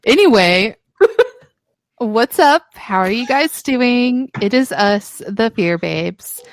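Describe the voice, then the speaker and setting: A woman's voice: a little high, animated, slow, no room sound. A young woman co-hosting a podcast in casual chat, laughing often and swearing freely. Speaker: podcast co-host.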